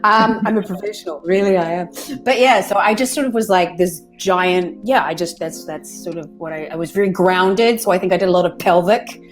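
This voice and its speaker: Chatty New woman, animated. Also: on the low side, a little fast, faint music behind. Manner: chatty, animated, laughs often. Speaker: guest voice actress. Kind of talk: casual video-call interview.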